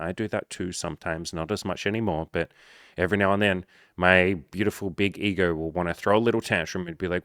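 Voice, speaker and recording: Forceful and profane, a low-pitched man working as a dating coach gives a blunt motivational talk. He performs the voices of those he quotes, and the sound is clean studio audio without echo.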